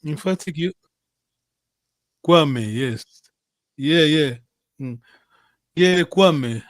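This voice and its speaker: A male teacher leads an online language lesson, speaking in a fairly high voice with a dry, close sound. He corrects students patiently and keeps checking in with a quick "yes?". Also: expressive, dry recording. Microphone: computer on a video call.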